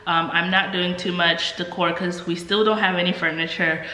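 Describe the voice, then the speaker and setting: A woman's voice: fairly low pitch, steady tone, moderate pace, pushed and bright, roomy sound, in a large hall, poor audio. A young woman in her twenties, stuffy and under the weather, chatting casually in a vlog with many ums and likes. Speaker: vlogger.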